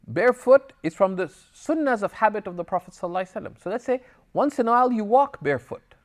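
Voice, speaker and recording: A man's voice: high-pitched, fast talker. A man teaching a religious class, reading Arabic passages and explaining them in English, with personal stories. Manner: lively, switches between Arabic text and English explanation; tells anecdotes, acting out dialogue in passing. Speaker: Islamic teacher. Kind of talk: recorded class lecture.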